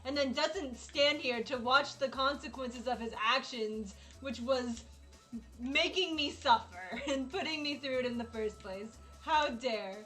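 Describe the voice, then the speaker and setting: A woman streaming a game from her home setup, talking in a slow, drawn-out way with a slightly high voice. She is dramatic and exasperated, laughing often, and faint game music plays behind her. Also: sharp tone. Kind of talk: casual live-stream chat while gaming.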